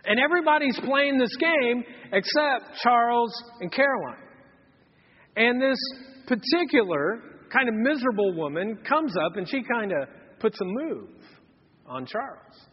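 A man in his thirties preaches with a high, husky voice, telling homespun stories and doing the voices of the people in them. The sound is dull and carries a long church-hall reverb. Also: lively intonation, measured pace. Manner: folksy storytelling with quoted voices. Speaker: pastor. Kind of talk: sermon.

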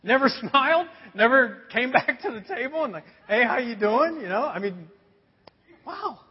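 Pastor, male, high lively voice, husky, muffled recording with long hall echo. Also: normal speed. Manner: conversational storytelling, asks the audience questions. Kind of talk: sermon.

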